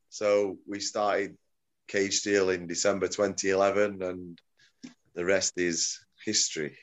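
Rambling man, lowish voice. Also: fairly even intonation, normal speed. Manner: rambling, self-correcting, chuckling. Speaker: MMA promoter, guest. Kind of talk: casual interview chat.

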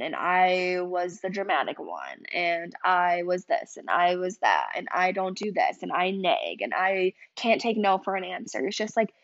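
Young woman spilling her story on her podcast, emotional, swears a lot, says like a ton, kinda muffled audio. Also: lowish voice. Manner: emotional, confiding, swears, lots of "like" and "um". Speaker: podcast host. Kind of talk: candid personal storytelling.

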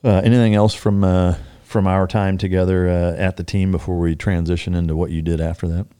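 Deep, mellow-voiced podcast host. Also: male voice, fairly quick, clean tone, dry recording. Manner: relaxed, swears freely, recalls details with certainty. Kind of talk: casual conversation with an old friend.

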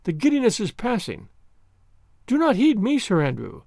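A man reading aloud, voicing an anxious young noblewoman who speaks faintly and haltingly. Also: mid-range voice, huge pitch swings, mellow, no room sound, studio quality, voice pushed up, exaggerated voice. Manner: breathy, faltering.

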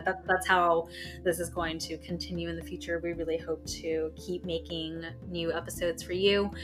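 A woman co-hosts a casual podcast in a friendly, laughing way. Her voice sits a bit low for a woman, with faint music underneath. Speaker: podcast co-host.

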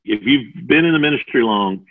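A man in his sixties who mentors preachers, answering interview questions in an animated way and acting out the voices he quotes. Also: mid-range voice, normal speed. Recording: phone-like narrow audio.

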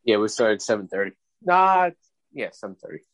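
Joking man, wisecracker, animated pitch, dry mic. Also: moderate pace, dry recording. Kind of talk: casual chat.

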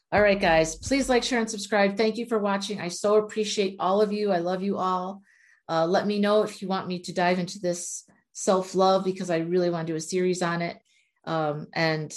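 Earnest woman with a lowish voice, reading oracle cards and encouraging her viewers. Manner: earnest, encouraging, blunt at times. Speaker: spiritual oracle card reader.

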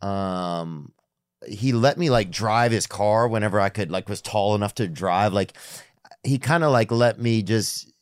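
A man's voice: fairly low pitch, measured pace, smooth, no echo, clean studio sound. A man hosting a podcast, telling stories in a rambling, casual way with lots of fillers and the odd curse. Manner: rambling, trailing off, frequent fillers and profanity. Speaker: podcast host. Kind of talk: casual chat; host-read ad.

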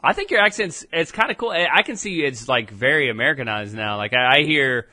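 A man hosts a loose, joking conversation and ribs his guest with laughs and casual swearing. His voice is bright and mid-pitched. The sound is dry and close. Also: lively intonation, brisk, no echo. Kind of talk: casual chat.

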